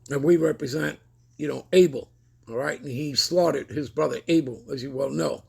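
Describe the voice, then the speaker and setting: A man's voice: fairly high pitch, gravelly, fairly bright tone, breathy edge. A man preaching over news commentary, constantly checking in with his listeners with "all right?" and "okay?", reading scripture aloud with rising emphasis. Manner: keeps checking in with listeners with repeated tag questions.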